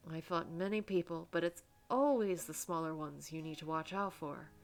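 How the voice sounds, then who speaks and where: A woman's voice: low-pitched, normal speed, soft background music. A woman voicing a wounded giant male guard who is loyal and protective, speaking earnestly and resolutely.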